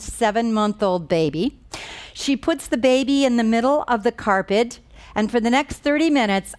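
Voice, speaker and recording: A woman giving a lecture on moral education, telling stories in an earnest, emphatic way. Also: fairly high pitch. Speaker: guest speaker on moral education. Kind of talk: lecture with storytelling.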